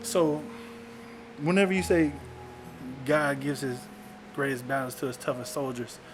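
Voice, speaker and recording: A man's voice: mid-range voice, measured pace. A young man talking candidly in a personal video diary, reflective, often saying "man". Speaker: vlogger documenting his illness. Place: in a parked car. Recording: music playing underneath.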